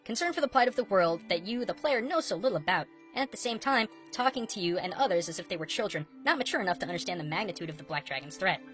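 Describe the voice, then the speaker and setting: A woman's voice: mid-range voice, expressive, quick pace, hardly any pauses, a bit bright. A woman hosting a scripted video, narrating in an upbeat, playful way, with music behind her. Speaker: video host.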